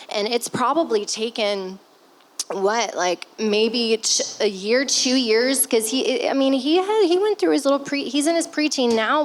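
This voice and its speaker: A woman's voice: fairly high pitch, low-quality recording. Emotional, heartfelt woman talking candidly. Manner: emotional, heartfelt, with sighs and swearing. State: emotional, close to tears. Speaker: stepmother guest on a family podcast. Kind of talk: candid conversational talk.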